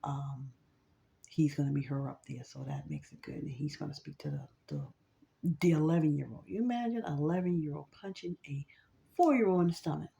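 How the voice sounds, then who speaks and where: A woman's voice: low-pitched, very animated, brisk, creaky, mellow. A woman, a grandmother, telling a family story in a rambling, casual way with lots of fillers and restarts. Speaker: vlogger.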